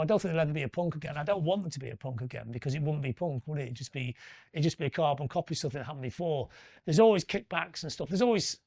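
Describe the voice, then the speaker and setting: A man's voice: a little high, darkish tone, no echo, studio quality. A middle-aged man, telling rambling anecdotes as a guest in a live interview and tagging his points with questions. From northwest England. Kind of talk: live on-stage interview chat.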